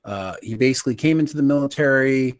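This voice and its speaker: A man's voice: medium pitch, fast talker, clear, resonant tone, dry recording, clean studio sound. A man co-hosting a live-streamed podcast, teasing his partner and walking the audience through a story. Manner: teasing, explains stories to the audience. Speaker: podcast co-host. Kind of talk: casual live-stream chat.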